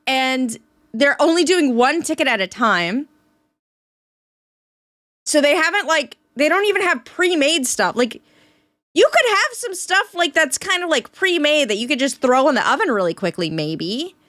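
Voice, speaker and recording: A young woman streamer giving casual reaction commentary to a reality show, chatty, full of fillers and quick asides. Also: high voice, very animated, a bit bright, no echo, studio quality. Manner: chatty, lots of fillers, laughs at the clip.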